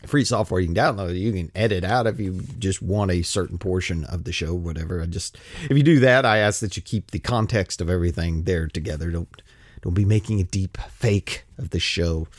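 A man's voice: deep voice, fairly quick, dry recording, studio quality. A man hosting his own podcast, talking casually and restarting his phrases as he goes. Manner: animated, chatty, repeats words when restarting. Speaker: podcast host.

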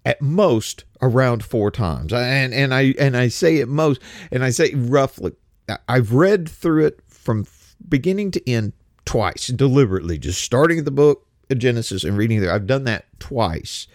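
A middle-aged man speaking in a casual spoken monologue, halting with many restarts and rhetorical questions. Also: medium pitch, animated, no echo, clean studio sound.

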